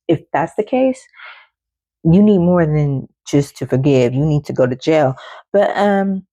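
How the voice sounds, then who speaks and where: A woman's voice: medium pitch, warm tone, no room sound, muffled recording. A woman giving a casual oracle card reading in a loose, chatty way, laughing often and swearing freely.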